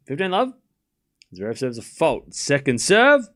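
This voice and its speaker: A man's voice: a little high, wildly swooping pitch, a little slow, fairly bright tone. A man hosting a live tennis watchalong stream, calling the score and shots in a casual play-by-play while chatting with viewers and thanking supporters. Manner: playfully scolds chat.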